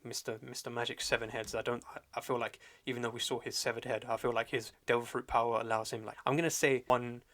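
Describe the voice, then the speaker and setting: A young man at a medium pitch talks through a story in casual podcast chat. He is slangy and animated, and full of fillers and quick restarts. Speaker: podcast host reviewing a manga chapter.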